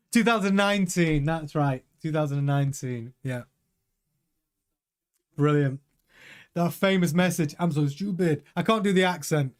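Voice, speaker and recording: A man's voice: on the high side, unhurried, long pauses, smooth. Chatty man hosting a live watch-along. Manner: chatty and excitable, answering viewers' chat. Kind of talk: casual live race commentary.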